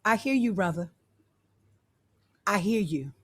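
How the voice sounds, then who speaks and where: A woman's voice: mid-range voice, lively intonation, takes it slowly, fairly bright tone, husky. A woman speaking as a guest on a video call, giving students an affirming motivational talk and repeating her phrases.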